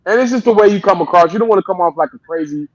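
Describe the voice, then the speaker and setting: As an interview guest, this late-thirties youth football coach races along in a high-sitting voice, rambling animatedly and restarting often in a relaxed chat. The audio is dull with no echo.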